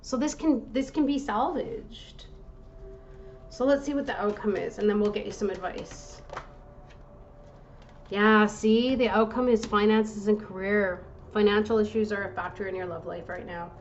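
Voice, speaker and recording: Gentle woman giving a tarot reading. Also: medium pitch, fairly even intonation, moderate pace, highs cut off, a little hiss or hum. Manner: gentle, reassuring, self-interrupting with apologies. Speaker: tarot reader.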